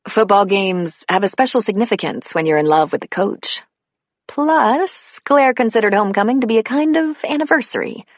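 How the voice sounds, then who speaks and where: A woman with a notably low voice reads a novel aloud at a steady, unhurried pace. Her narration is recorded close and dry, with no room sound at all. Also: no echo. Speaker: audiobook narrator. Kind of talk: scripted narration.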